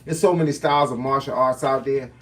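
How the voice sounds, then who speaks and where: A man's voice: mid-range voice, steady tone, a little fast, fairly bright tone, distant mic. A man in his fifties, a fitness and boxing coach, answering viewers' questions on a live stream in casual, folksy slang. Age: 50s.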